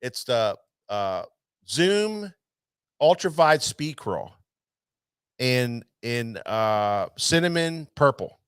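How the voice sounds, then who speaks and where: Man, tackle shop host, rambling fishing yarn, animated, dry close recording. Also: mid-range voice, extremely slow, smooth, dry recording. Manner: rambling, animated storyteller with many restarts. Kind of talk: casual storytelling chat.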